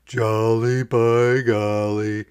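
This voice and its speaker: A man's voice: fairly low pitch, little pitch movement, drawn-out words, darkish tone, clear, resonant tone. A man voicing a drowsy, cheerful father bear in a storybook read-aloud.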